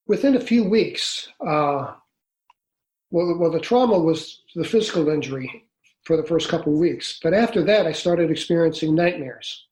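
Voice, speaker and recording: Man in his 60s, interview guest, earnest, halting, somewhat high voice, echoey room. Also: animated, darkish tone. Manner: earnest, halting, with many restarts. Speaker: guest, author. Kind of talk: storytelling in an interview.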